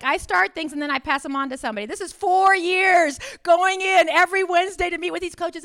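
Woman pastor, fifties, animated conference talk, high pitch, crisp clear voice. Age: 50s. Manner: animated storytelling, rising to near-shouting in acted exchanges.

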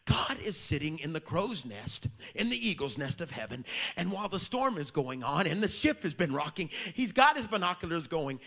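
Gravelly high-voiced man preaching. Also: very animated, a little fast. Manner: swings from shouted preaching to whispers. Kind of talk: sermon.

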